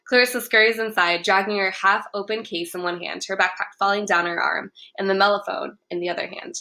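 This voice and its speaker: Bright-voiced woman narrating an audiobook. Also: mid-range voice, a little fast. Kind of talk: first-person audiobook narration.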